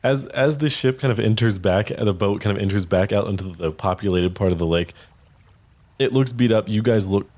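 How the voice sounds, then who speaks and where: A man's voice: lowish voice, brisk, darkish tone. A man narrating as game master, chatty and laughing often. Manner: chatty, with frequent laughs and fillers.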